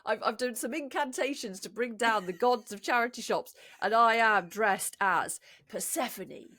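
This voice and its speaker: A woman's voice: fairly high pitch, moderate pace, sharp tone. Playful woman podcast co-host. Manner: playful, giggly, fumbling for words. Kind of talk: casual comedy chat.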